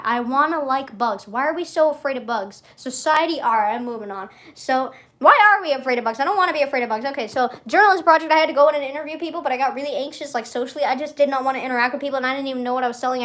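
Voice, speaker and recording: A young woman with a high, light voice chats to her stream viewers in a loose, rambling way. She trails off, cuts herself short and giggles between thoughts. It sounds unscripted and conversational. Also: rapid-fire, few pauses, fairly bright tone. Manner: rambling, self-interrupting, giggly. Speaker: livestreamer. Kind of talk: casual stream chat.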